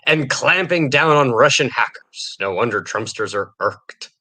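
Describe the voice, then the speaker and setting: A man's voice: medium pitch, animated, measured pace, bright, forceful tone. A man co-hosting a casual podcast, giving sarcastic political opinions and laughing between points. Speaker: podcast co-host.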